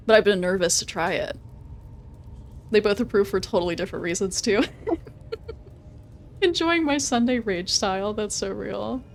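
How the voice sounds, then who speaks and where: A young woman live-streaming a video game, chatting casually, laughing often and reading game options aloud. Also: medium pitch.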